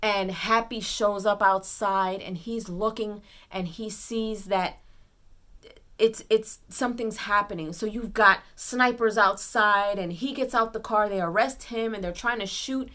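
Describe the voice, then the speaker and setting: A woman giving a casual spoiler movie recap, retelling scenes excitedly with lots of fillers and restarts. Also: mid-range voice, unhurried. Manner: excited retelling, acts out characters' lines. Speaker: movie reviewer.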